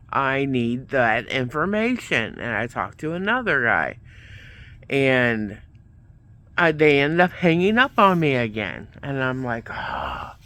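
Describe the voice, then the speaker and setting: In a casual vlog, a man with a fairly high, sharp voice rambles through a story, retelling events by acting out both sides of each conversation.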